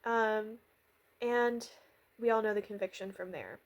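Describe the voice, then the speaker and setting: A chatty woman rambling through a recap in a loose, sarcastic way. She is full of fillers and asides, and slips into quoted lines without changing her voice. Her pitch sits in an ordinary middle range. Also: unhurried. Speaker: vlogger recapping a miniseries.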